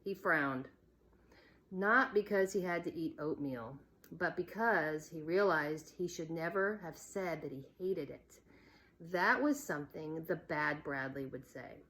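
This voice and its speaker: A woman teacher reading a children's novel aloud in a slow, deliberate storytelling manner. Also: low-pitched, animated, a bit bright. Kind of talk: read-aloud narration.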